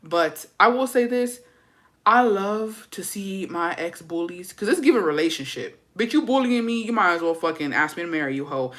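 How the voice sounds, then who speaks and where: A woman talks straight to her viewers in a loose storytime chat. Her delivery is gossipy and animated, and she swears constantly. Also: lowish voice, moderate pace. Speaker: vlogger.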